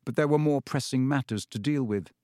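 Male audiobook narrator, measured and even, dry studio sound. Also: mid-range voice, dry recording. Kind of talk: audiobook reading.

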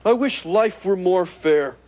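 A man voicing a wisecracking, self-pitying male alien in a 1980s sitcom, gravelly and nasal, sarcastic and melodramatic. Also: sits high, lively intonation, unhurried. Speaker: sitcom character. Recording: noisy TV audio with studio laughter.

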